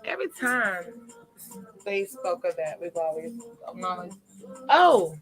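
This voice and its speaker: A woman's voice: fairly low pitch, sing-song, unhurried, fairly bright tone, soft background music, low-quality recording. A woman hosting a live tarot reading stream, chatting casually and laughing often between readings.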